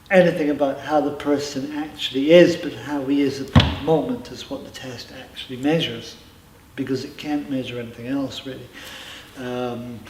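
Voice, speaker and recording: A middle-aged former member tells his personal story in an interview, reflective but occasionally emphatic. His mid-range voice is a little mellow, recorded from a distance in an echoey room with a faint hum of ambience.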